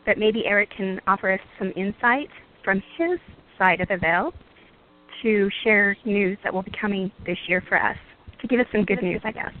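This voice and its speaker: A woman calling in to a radio show, talking gently and rambling with many pauses and soft laughs. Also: medium pitch, a little hiss or hum. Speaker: caller. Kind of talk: casual call-in question. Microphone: phone call. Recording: tinny phone line.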